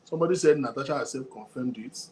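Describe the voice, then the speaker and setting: A man with a Nigerian accent hosting a show, commenting in a measured way on a clip and on viewer comments. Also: mid-range voice, a little mellow, slight background noise. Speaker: host.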